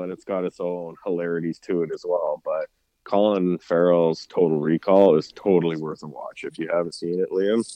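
A low-pitched man co-hosting a podcast, chatting eagerly, his voice jumping higher whenever he agrees. The sound is dry and close, with no room around it. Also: darkish tone, no echo. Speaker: podcast co-host. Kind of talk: casual chat.

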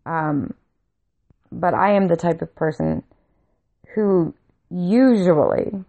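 Woman vlogger, low gravelly voice, rambling, candid storytelling full of restarts. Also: big pitch swings, takes it slowly, mellow, muffled recording. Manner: blunt, swears freely. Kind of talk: casual storytelling to camera.

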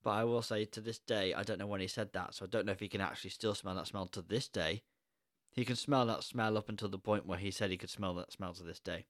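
A man's voice: lowish voice, steady tone, quick pace, fairly bright tone, no room sound, clean studio sound. A man co-hosting a casual film review podcast, rambling and laughing at his own asides. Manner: rambling, self-correcting, laughs a lot. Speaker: podcast co-host.

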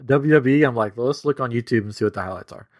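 A man's voice: mid-range voice, quick pace, a little mellow. A man co-hosting a podcast, telling a story in a chatty, self-amused way. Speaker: podcast co-host. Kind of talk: casual chat.

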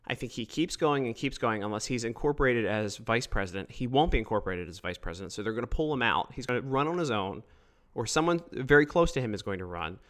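A man giving opinionated solo political commentary, emphatic and quick to mock others. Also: mid-range voice. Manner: emphatic, animated, mocking quoted voices.

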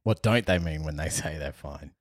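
Husky low-voiced man telling stories. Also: normal speed, no echo, studio quality. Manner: animated storyteller, laughs often, acts out quotes. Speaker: podcast co-host. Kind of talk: casual storytelling chat.

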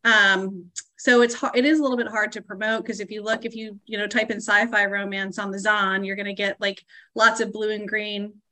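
Woman guest author, bright voice, thoughtful, hesitant pacing. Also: mid-range voice, flat delivery, brisk, hardly any pauses. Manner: thoughtful, hesitant with many fillers. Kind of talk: casual podcast interview.

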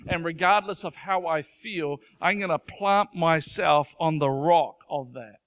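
A man preaching a Sunday sermon with a slightly higher-than-usual voice. He talks to the congregation in a plain, earnest way and builds to loud, emphatic stretches. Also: unhurried, few pauses. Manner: earnest, conversational preaching that grows louder and more emphatic. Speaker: pastor. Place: church stage before a congregation.

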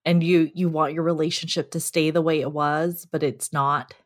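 A woman co-hosting a podcast in casual chat. She talks reflectively and thinks aloud, with pauses. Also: low voice, little pitch movement. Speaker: podcast co-host.

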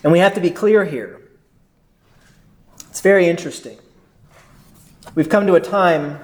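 A man's voice: a little high, a little mellow, roomy sound. A man, a pastor, preaching a sermon in an earnest, conversational way, often asking his listeners rhetorical questions.

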